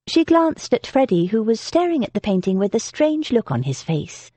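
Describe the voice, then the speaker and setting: A woman narrating a historical romance audiobook in an expressive reading style. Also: on the high side, moderate pace, husky, dry recording. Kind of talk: scripted narration.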